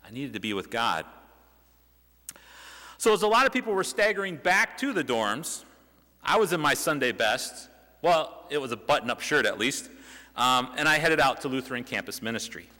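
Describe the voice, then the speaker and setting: A man's voice: medium pitch, big pitch swings, normal speed, bright, forceful tone. A young man preaching a sermon in a church, talking in a conversational way with rhetorical questions and restarts. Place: church sanctuary. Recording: reverberant church hall.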